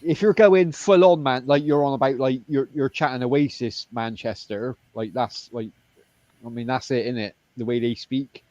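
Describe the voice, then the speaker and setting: A man's voice: medium pitch, normal speed, warm tone, dry recording, highs cut off. A British man with an English accent in casual voice-call chat, laughing often, swearing and rambling. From Britain.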